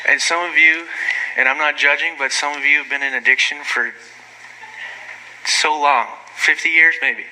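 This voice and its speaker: A man giving an informal, rambling sermon, full of asides and quick apologies, rising sharply when he gets excited. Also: fairly high pitch, slight background noise, rough recording. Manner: rambling, self-deprecating, frequent asides and apologies; animated, voice jumping up when excited. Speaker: lay preacher.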